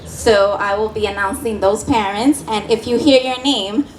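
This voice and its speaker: A woman, the parent coordinator, thanks parents and calls them up to the stage at a ceremony in a measured, formal way. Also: medium pitch. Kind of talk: announcing names at a ceremony. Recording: echoey and distant, with clear background noise.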